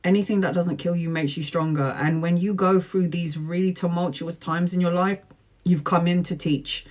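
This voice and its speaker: A woman's voice: lowish voice, fairly even intonation, normal speed, darkish tone, lo-fi sound. A woman in her forties talks straight to her viewers in a live chat. She reads tarot and answers their questions. Her delivery is earnest and emphatic, and she keeps coming back to motivational slogans as she drives her points home. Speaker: tarot reader.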